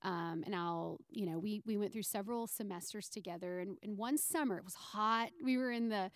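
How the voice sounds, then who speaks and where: Animated woman telling a faith story. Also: medium pitch, normal speed, no room sound, clean studio sound. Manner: animated storyteller, many fillers and restarts; emotional, near tears. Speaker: podcast guest. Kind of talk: personal faith story in conversation.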